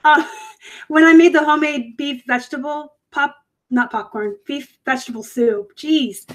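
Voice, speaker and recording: A fairly high-voiced woman chatting on a live stream from her home workspace. She rambles from one thing to the next, dropping in plenty of fillers and correcting herself as she goes. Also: moderate pace, poor audio. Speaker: host of a live reselling show. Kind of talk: casual live-stream chat. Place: home room set up for work.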